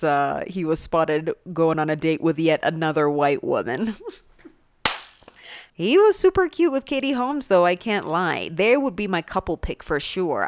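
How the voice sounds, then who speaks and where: A woman's voice: on the low side, no echo, studio quality. A woman hosting a podcast in a casual, chatty way, with swearing and laughing asides. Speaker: podcast host. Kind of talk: casual chat.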